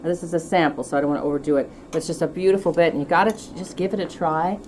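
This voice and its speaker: A woman's voice: deep voice, rapid-fire, darkish tone, a little hiss or hum. A woman hosting a cooking show, demonstrating a dish in a chatty, enthusiastic way with light teasing.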